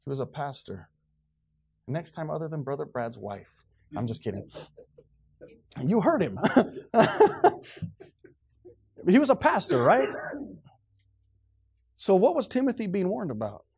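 A man's voice: a little high, huge pitch swings, unhurried, gravelly, pauses often, darkish tone, husky. Fervent, sarcastic male preacher. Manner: fervent, sarcastic, quizzing the congregation. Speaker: pastor. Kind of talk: sermon.

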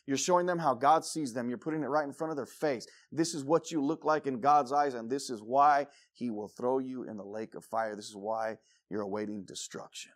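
A man preaching a sermon, jumping from loud exclamations to quiet low asides and acting out shouting crowds. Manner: acts out the crowd in short shouted bursts.

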